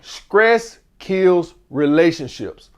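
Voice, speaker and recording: A man's voice: on the high side, very slow, clear, resonant tone, lo-fi sound. A man hosting a dating advice channel, ranting bluntly and profanely in a casual monologue. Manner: blunt, profane, animated rant.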